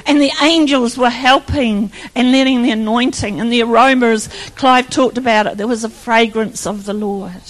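An older woman giving a fervent sermon, often repeating her words and building up to loud exclamations. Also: a little high, fairly even intonation, moderate pace, few pauses, rough recording. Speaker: church speaker.

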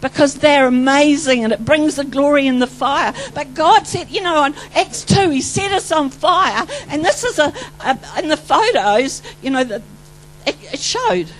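A woman preacher gives an excited, rambling testimony sermon. Her voice sits high and swings from loud exclamations to hushed asides. A faint hum runs underneath. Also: normal speed, low-quality recording. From New Zealand.

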